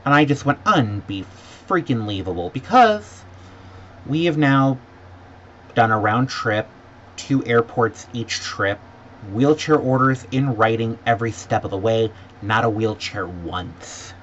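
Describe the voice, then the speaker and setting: A man in a vlog ranting sarcastically about a bad trip, sometimes mimicking staff in a higher voice. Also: a little slow. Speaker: vlogger. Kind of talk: exasperated travel rant. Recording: dull lo-fi audio with faint background noise.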